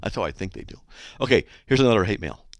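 A man's voice: on the low side, quick pace, no echo. A man hosting a radio show, reading listener mail aloud and mocking it sarcastically. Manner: sarcastic, animated, does mocking voices. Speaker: radio host.

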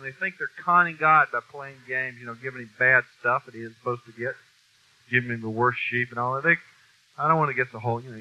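A man preaching an informal sermon in a blunt, folksy way, with mild cursing and heavy emphasis. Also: mid-range voice. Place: meeting room with a mic. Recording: dull lo-fi recording.

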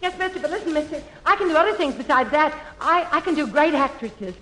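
Brief: woman playing an eager young actress, high voice, pleading and stammering. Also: expressive, quick pace, sharp tone, low-quality recording. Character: eager young woman hunting for acting work. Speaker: comedienne. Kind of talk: 1940s radio comedy sketch.

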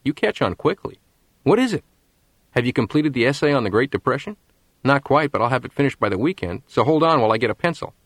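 A man's voice: mid-range voice, lively intonation, fast, no echo, pitched above the performer's own voice. A man doing a teasing teenage boy. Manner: teasing and wry.

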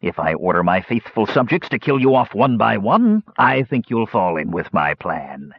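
A man's voice: on the low side, sing-song, normal speed, husky, no room sound, muffled recording, exaggerated voice. A man voicing a capricious, mad old gnome king who mocks and threatens in an idle, sing-song way. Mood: mocking.

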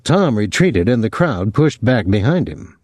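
A man's voice: fairly low pitch, sing-song, a little slow, darkish tone, dry recording, clean studio sound. A man reading a novel aloud as an audiobook narrator, giving each character a voice.

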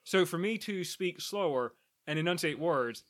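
A man from the American South with little trace of a drawl, talking in a dry, measured way in a casual podcast chat. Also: on the high side, lively intonation, fairly bright tone. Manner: speaks rapidly, measured and dry.

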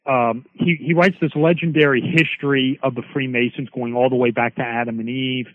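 A man's voice: mid-range voice, steady tone, moderate pace, no room sound. A man explaining history as an interview guest, rambling with many fillers. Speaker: guest expert on Freemasonry. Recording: dry, tinny phone line.

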